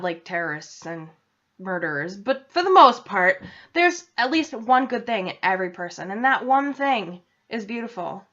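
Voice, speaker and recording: A woman's voice: on the high side, fairly bright tone. A young woman from New England chatting casually to her vlog audience, rambling and interrupting herself. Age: young adult. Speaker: vlogger. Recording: dull lo-fi home recording.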